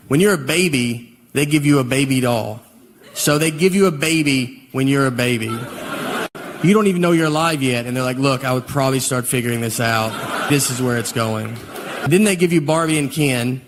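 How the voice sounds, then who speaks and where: Southern man doing deadpan stand-up. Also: fairly high pitch. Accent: Southern American. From Tennessee. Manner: deadpan, rambling storytelling. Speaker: stand-up comedian. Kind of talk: stand-up comedy routine. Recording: noisy live show audio. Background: audience laughter.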